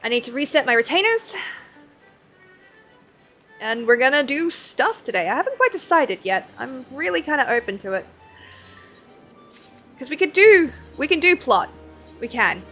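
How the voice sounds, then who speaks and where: A woman chats casually while she streams a game, rambling from topic to topic with plenty of fillers. Her voice sits fairly high, and faint game music plays beneath it. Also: a bit bright. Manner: rambling, chatty, self-deprecating with many fillers. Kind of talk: casual chat while playing.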